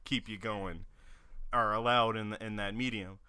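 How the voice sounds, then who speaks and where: A man talking in a relaxed podcast chat, his voice bright and forceful. He is blunt and swears freely, breaking into laughs. The sound is dry and close. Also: fairly low pitch, moderate pace, smooth, dry recording. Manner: profane, blunt, laughs often. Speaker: podcast co-host.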